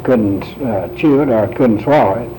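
A man, answering interview questions in a slow, plainspoken and thoughtful way. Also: mid-range voice, noisy background.

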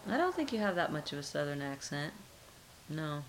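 A middle-aged woman with a notably low voice answers interview questions in a relaxed, unhurried way. She muses aloud and trails off into rhetorical questions. There is faint room ambience behind her. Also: slight background noise, low-quality recording. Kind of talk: casual conversational interview.

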